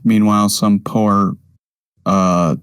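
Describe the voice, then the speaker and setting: Low-voiced man in loose podcast banter. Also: level tone, clear, resonant tone, no echo. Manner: quick, opinionated, jokey asides. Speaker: podcast co-host. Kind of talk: casual chat.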